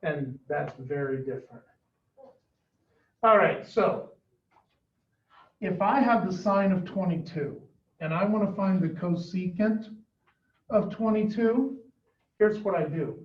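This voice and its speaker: A man with a fairly high voice leads a math lesson, pausing to pull answers from his students. He is picked up from a distance. The sound is dull and roomy, as in a classroom. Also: lively intonation. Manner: questioning, coaxing students for answers. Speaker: math teacher.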